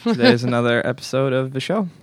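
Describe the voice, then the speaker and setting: Deadpan man doing a mock monologue. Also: mid-range voice, fast. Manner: mock-talk-show delivery, breaks into laughs. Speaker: comedy podcast host.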